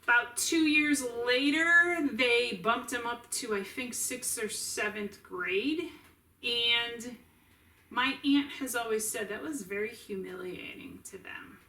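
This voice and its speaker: A woman's voice: on the high side, slow, sharp tone, distant mic. A middle-aged woman talking casually and earnestly to camera as a family caregiver, with restarts and asides. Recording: roomy echo, voice set back from the mic.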